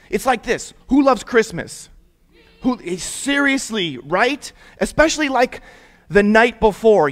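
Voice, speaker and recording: A young man preaching to a youth group, getting the audience to repeat words and telling stories in a casual, conversational way. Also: high voice. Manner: conversational storytelling with casual fillers. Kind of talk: interactive sermon for young people.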